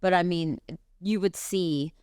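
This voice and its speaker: A woman's voice: on the low side, unhurried, darkish tone, clean tone, dry recording, clean studio sound. A woman co-hosting a podcast, chatting casually and reacting expressively. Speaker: podcast co-host. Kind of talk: casual chat.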